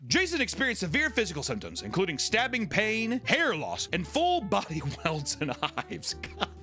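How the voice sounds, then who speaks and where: A man's voice: high voice, normal speed, faint music behind. A man hosting a comedy podcast, telling a story with jokes and silly voices. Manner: animated, jokey, swings into silly voices. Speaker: podcast host.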